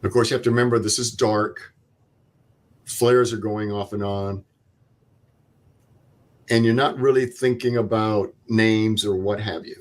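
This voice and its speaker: A man's voice: on the low side, fairly even intonation, measured pace, long pauses. An older man, a veteran guest, telling a vivid step-by-step war story and acting out the dialogue. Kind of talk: interview storytelling.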